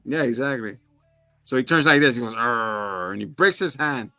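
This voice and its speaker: Animated man recapping a movie. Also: medium pitch, brisk, dry recording, faint music behind. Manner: animated storyteller, acts out voices, swears. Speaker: podcast co-host. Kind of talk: casual chat, movie recap.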